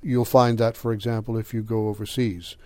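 This Boston-area linguistics professor, a middle-aged man with a light local accent, explains topics in interview answers with a low, mellow voice and a flat delivery. He lectures at a measured pace, using small fillers and chuckling now and then, and the close, dry recording has no echo.

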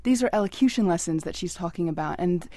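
A woman's voice: lowish voice, expressive, fast, mellow, no room sound. A woman who researches dialects, speaking as a guest on a radio talk show in an articulate, lecturing way.

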